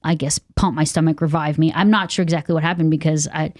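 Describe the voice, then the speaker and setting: A woman's voice: sits low, fairly even intonation, quick pace, darkish tone, no echo, studio quality. Earnest young woman telling her story. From Texas. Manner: earnest, candid, many fillers, acts out what people said. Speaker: podcast guest. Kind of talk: personal testimony storytelling.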